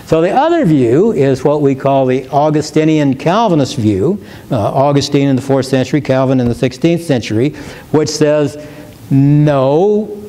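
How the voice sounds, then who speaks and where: A man teaching as a pastor in a church, earnest and emphatic, slowing down to stress key words and often restarting his phrases. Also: medium pitch, lively intonation, dark tone. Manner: repeats and restarts words while thinking. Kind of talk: question-and-answer teaching.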